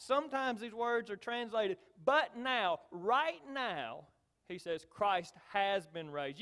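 A middle-aged man preaching a sermon as pastor, driving his points home with repeated phrases, swinging between loud stresses and quiet asides. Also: sits high.

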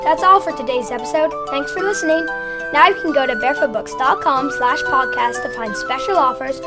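A woman host cheerfully reads a scripted podcast intro in a high, bright-toned voice. Loud music plays right under her words throughout. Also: a little fast.

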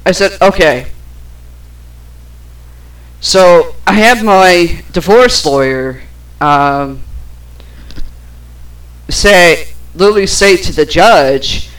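A woman's voice: on the low side, animated, extremely slow, long pauses, low-quality recording. A woman vlogger telling a personal story, frustrated and profane, rambling with many fillers.

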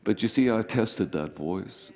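A man preaching a sermon as pastor, with sudden emphatic rises and quick bursts. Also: lowish voice, lively intonation, gravelly, a little mellow. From Ireland. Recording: hall reverb.

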